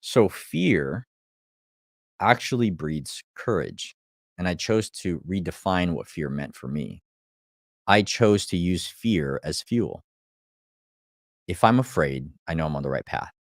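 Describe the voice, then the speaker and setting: A man's voice: deep voice, animated, slow, long pauses, dry recording, studio quality. A man, a life coach, giving a live motivational talk to viewers, blunt and profane, driving points home with repeated phrases. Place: live stream.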